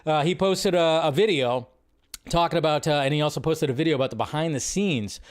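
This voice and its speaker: A man's voice: fairly high pitch, a little fast. A man hosting a live movie news stream, chatting casually in a rambling way and often repeating his phrases.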